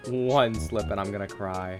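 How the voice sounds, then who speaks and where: A teenage boy with a lowish, steady voice at normal speed gives casual, jokey commentary as a gaming content creator. He swears and yelps in panic whenever something chases him, with game music playing underneath.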